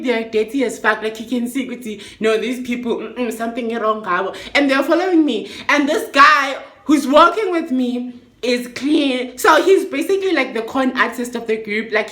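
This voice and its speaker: Young woman spilling a story to camera, high bright voice, swears a lot, echoey room. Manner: chatty, expressive storytelling with slang and swearing. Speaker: vlogger. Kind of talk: storytime vlog.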